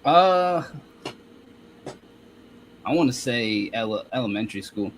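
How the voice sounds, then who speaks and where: A man's voice: medium pitch, animated, unhurried, slight background noise, low-quality recording. A male guest in a casual interview who tells easygoing stories and often laughs. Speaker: guest, rapper.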